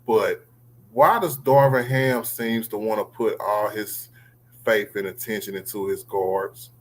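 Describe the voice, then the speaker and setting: A man's voice: lowish voice, steady tone, a little slow, rough recording. A man hosting a casual sports livestream, talking loosely with slang and calling on guests by name. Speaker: livestream host.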